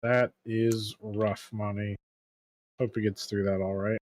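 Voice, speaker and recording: A man's voice: lowish voice, flat delivery, unhurried, darkish tone. A man co-hosting a game livestream, chatting casually with viewers in an easygoing way. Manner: easygoing, laughs often. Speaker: stream co-host. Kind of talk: casual livestream chat, reading chat aloud.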